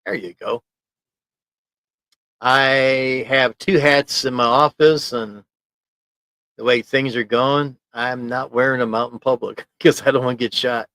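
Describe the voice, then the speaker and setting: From a small home office studio, a man livestreams casually, chuckling and rambling as he reads out comments from viewers. His medium-pitched, fairly bright voice has fairly even intonation, a little slow with many pauses. The desk mic captures no room sound.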